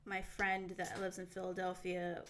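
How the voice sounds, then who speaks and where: A woman's voice: lowish voice, completely flat delivery, moderate pace, fairly bright tone, slight background noise. A woman from New Jersey with a Jersey accent, co-hosting a podcast in a teasing, wry, slightly shy casual chat. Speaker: podcast co-host.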